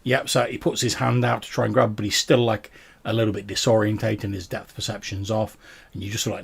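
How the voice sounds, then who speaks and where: A man's voice: fairly low pitch, little pitch movement, fairly quick, creaky, slightly rough. A man narrating a tabletop game as game master, talking casually with many fillers. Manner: casual, many fillers, puts on brief character voices.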